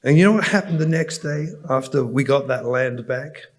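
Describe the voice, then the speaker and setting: A man's voice: medium pitch, moderate pace, hardly any pauses. An English man, a rabbi, delivering a storytelling keynote address and speaking directly to the audience. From England.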